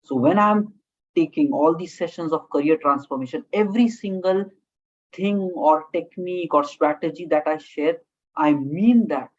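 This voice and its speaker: Woman, Indian English accent, communication trainer, fairly low voice, short phrases, Hindi-English mix, muffled lo-fi sound. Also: moderate pace, darkish tone. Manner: talks in short phrases with frequent "okay?" check-ins, mixes Hindi into English. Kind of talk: classroom lecture.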